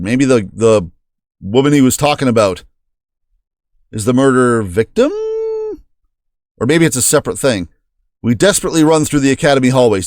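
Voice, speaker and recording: A man's voice: medium pitch, no echo, studio quality. A man streaming a game playthrough, joking and reading the game's text aloud.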